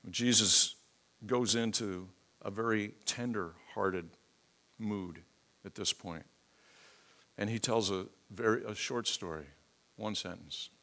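A middle-aged man preaching a sermon, swelling loud and high to stress points, leading prayer and teaching from the Bible. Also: slow, pauses often. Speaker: pastor.

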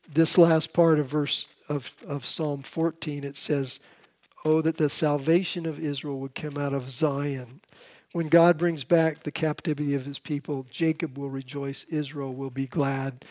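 Male Bible teacher, voice on the high side, casual talk with many restarts. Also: a little mellow. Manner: conversational, with frequent restarts. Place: seated, with a drink at hand.

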